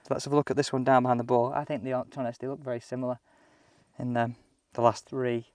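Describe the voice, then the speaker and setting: A man chatting excitedly as he reviews golf clubs outdoors on a course. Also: mid-range voice, quick pace, dry recording. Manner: chatty, excitable, thinking aloud. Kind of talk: casual on-course commentary.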